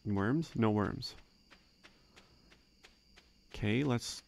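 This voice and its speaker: A young man giving relaxed, rambling gameplay commentary, thinking aloud with frequent fillers. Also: medium pitch, a little slow, vocal fry, long pauses. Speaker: let's play gamer.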